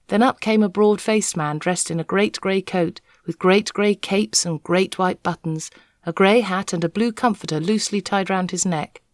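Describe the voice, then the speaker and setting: A woman reading a children's novel aloud, an expressive, measured storyteller. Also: mid-range voice, no echo, clean studio sound. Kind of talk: expressive read-aloud narration.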